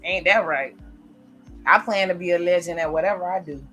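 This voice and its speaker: A woman's voice: on the low side, moderate pace, sharp tone, faint music behind. Chatty woman reacting to TV. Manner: chatty, reacts aloud while narrating scenes. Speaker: reaction video host. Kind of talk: casual TV episode reaction commentary.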